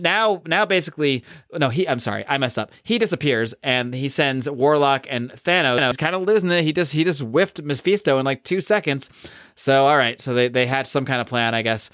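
A man in a casual comics podcast chat, rambling and animated, with side rants. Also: medium pitch, normal speed, smooth, no echo, studio quality.

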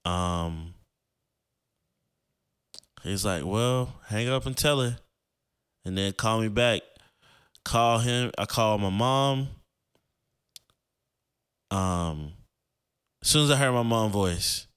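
A young man hosting a podcast tells a personal story, loose and rambling, full of slang and fillers. His voice sits fairly low and comes through smooth and resonant. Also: takes it slowly, long pauses, a bit bright. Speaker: podcast host.

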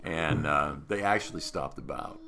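A middle-aged man, a veteran radio host, telling animated anecdotes in casual conversation and acting out other people's lines. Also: extremely low pitch, normal speed, gravelly. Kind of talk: casual storytelling.

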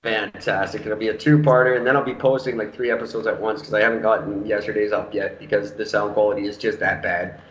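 A man's voice: lowish voice, level tone, fast talker, hardly any pauses. A man from Canada hosts a loose, swearing podcast chat and rants in bursts. His voice sits in an echoey room on a dull, lo-fi recording. A faint hum of room ambience runs underneath. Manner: profane, ranting, jokey impressions. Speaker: podcast host. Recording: roomy, dull lo-fi home recording.

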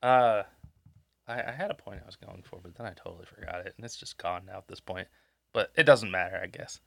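A man's voice: low voice, a little fast, creaky, fairly bright tone, dry recording, clean studio sound. A man co-hosting a podcast while sick and congested, rambling and swearing through casual chat and losing his train of thought. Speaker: podcast co-host. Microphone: podcast microphone.

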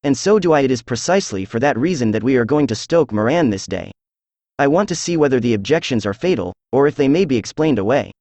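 Synthetic man reading a calm, witty detective. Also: medium pitch, quick pace, dry recording, close to an everyday voice. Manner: flat synthetic delivery. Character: calm, witty male detective, middle-aged.

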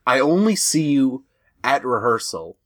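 A man narrating his character in an improvised tabletop role-play, in slow, drawn-out storytelling. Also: mid-range voice, big pitch swings, fairly bright tone.

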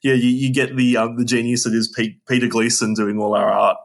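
A man's voice: mid-range voice, flat delivery, fairly quick. An Australian man, a guest game designer, chatting casually in an interview with many ums and restarts.

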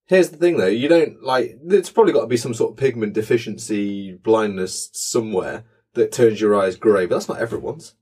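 A man's voice: lowish voice, moderate pace, warm tone, slightly rough. A young man co-hosting a casual podcast chat, dry and sarcastic, swearing now and then. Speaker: podcast co-host.

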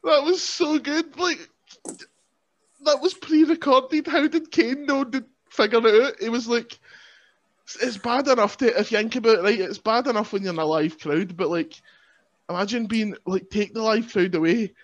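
A man's voice: very high voice, normal speed. Joking man on lo-fi audio. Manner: playful, self-mocking, laughs often. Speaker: guest, pro wrestler. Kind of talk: casual podcast chat.

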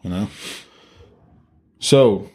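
A low, husky-voiced man co-hosting a podcast in loose casual chat. He talks bluntly and swears freely, hammering his opinions home. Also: extremely slow, warm tone. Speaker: podcast co-host.

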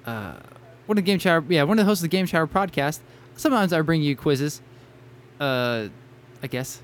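A man's voice: fairly high pitch, expressive, fairly quick, a little hiss or hum. A young man hosting a gaming podcast, rambling casually, laughing often and correcting himself. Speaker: podcast host. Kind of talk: casual banter while planning intros.

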